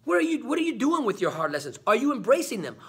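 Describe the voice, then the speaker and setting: Vlog host, man, high husky voice, preachy motivational delivery, peppers lines with "man". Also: big pitch swings, fast, a bit bright. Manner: preachy, repeats "man" and "come on"; call-and-response questions. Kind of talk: motivational talk to camera.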